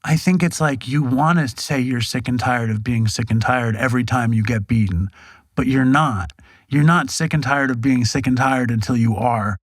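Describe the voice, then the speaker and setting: A man in his forties speaks candidly as a podcast guest, moving from plain telling into animated bursts where he acts out old conversations. His voice sits in a middle range, and the close, dry recording keeps every word close to the ear. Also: mid-range voice, normal speed, no echo. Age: 40s. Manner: frank, animated, acts out quoted dialogue, swears. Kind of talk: candid storytelling interview. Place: podcast studio.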